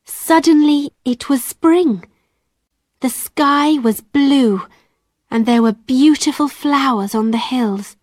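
A woman reading a story aloud in the first person, slowly and carefully. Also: high voice, no echo, studio quality. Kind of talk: scripted audiobook narration.

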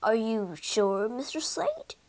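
A woman's voice: a little high, big pitch swings, slow, heavily acted. A woman voicing a nervous, thin male assistant in a storybook reading, timid and stammering.

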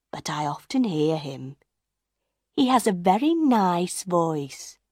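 A woman reading the part of an older woman who warns of a ghost in a hushed, sometimes whispered voice. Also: low-pitched, husky, no room sound, clean studio sound, heavily acted. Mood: matter-of-fact.

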